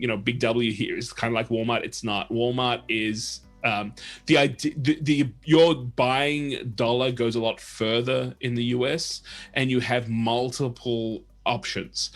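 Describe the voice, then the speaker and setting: A man hosting a casual livestream chat, telling long rambling stories and acting out the people he quotes. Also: medium pitch. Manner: rambling storyteller who acts out quoted people. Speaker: show host.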